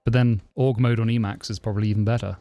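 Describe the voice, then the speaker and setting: A man's voice: on the low side, steady tone, fast, muffled recording, faint music behind. Chatty southern English man streaming live. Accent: southern English, close to received pronunciation but less posh. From southeast London, England. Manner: chatty, answers chat questions, thanks subscribers warmly. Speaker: livestreaming programmer. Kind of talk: casual live-stream chat.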